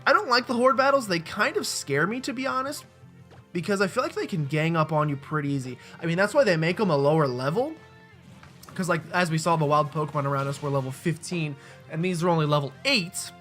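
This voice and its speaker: Speaking a little fast into a desk mic with webcam, this let's-play host offers rambling, self-deprecating commentary during gameplay. The voice is mid-range, animated and fairly bright, over quiet background music.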